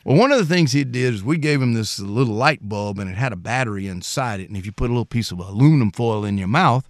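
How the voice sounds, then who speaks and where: A middle-aged man tells rambling, folksy stories as a musician guest. His voice sits at a middle pitch. The recording is close and dry. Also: expressive, fast, no echo. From Mississippi, US. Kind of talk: storytelling interview.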